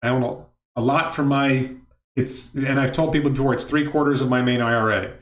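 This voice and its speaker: A man's voice: mid-range voice, steady tone, a little fast. Middle-aged guy rambling on a livestream, answers chat, keeps restarting sentences, roomy echo. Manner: rambling, self-interrupting, reads chat questions aloud. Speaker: livestream host. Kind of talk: casual livestream talk answering chat questions.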